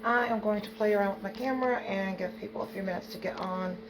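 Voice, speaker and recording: A woman's voice: medium pitch, fast talker, noisy background. An older woman hosting a live self-care stream, greeting viewers by name with effusive energy. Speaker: livestream host.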